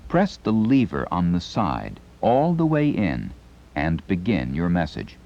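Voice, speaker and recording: A middle-aged man giving scripted instructional narration, with a crisp, carefully enunciated announcer delivery. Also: deep voice, huge pitch swings, unhurried. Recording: dull lo-fi 1970s tape recording.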